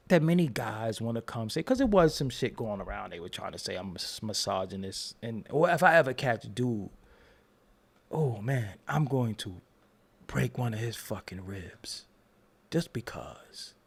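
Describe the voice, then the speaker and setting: A middle-aged man from Brooklyn, delivering a heated, profane livestream rant. His pitch swings widely as he mocks and taunts, laughing between jabs. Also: sing-song, measured pace, vocal fry, breathy edge. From Brooklyn, New York. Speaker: livestreamer answering chat.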